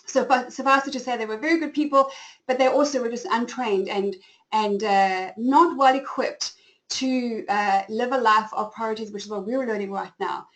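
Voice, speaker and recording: Woman, South African accent, 40s, high-pitched, effusive, personal storytelling, webinar host. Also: low-quality recording. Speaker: webinar host and company founder. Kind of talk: live webinar talk.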